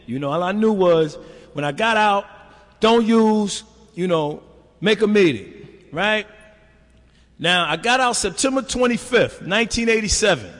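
A man's voice: sits high, a bit bright. An older man giving a recovery testimony in a loose, streetwise, conversational way. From New York. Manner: streetwise, loose and conversational, constant "you know". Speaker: speaker sharing at a recovery meeting. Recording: reverberant hall.

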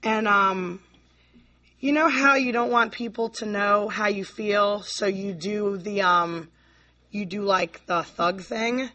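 A woman's voice: medium pitch, fairly even intonation, slow, sharp tone, highs cut off. A woman from Virginia giving a candid, rambling personal recovery share to a convention audience, full of "you know, like" and drifting between laughter and near tears. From Virginia, USA.

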